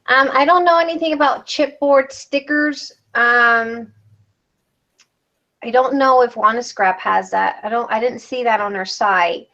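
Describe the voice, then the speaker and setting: A woman's voice: a little high, measured pace, sharp tone. A woman hosting a crafting livestream, chatting casually and reading out viewer comments while she works. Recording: dull lo-fi sound.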